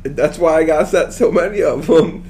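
A man's voice: fairly high pitch, normal speed, a little mellow, slight background noise. A man co-hosting a casual podcast, laughing and poking fun at himself with plenty of swearing. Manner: laughing, self-mocking, profane. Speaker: podcast co-host. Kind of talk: casual banter.

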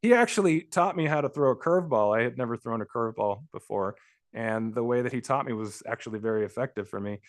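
A man in his forties tells stories from his childhood as an interview guest. He is animated, laughs often through his anecdotes and restarts his sentences a lot. His voice sits at an ordinary pitch for a man. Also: fast talker. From Los Angeles. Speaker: author and guest. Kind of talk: conversational storytelling.

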